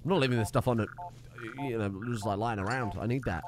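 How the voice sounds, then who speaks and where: A man's voice: fairly low pitch, quick pace. A man giving wry, chatty let's play commentary, swearing casually. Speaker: gaming streamer.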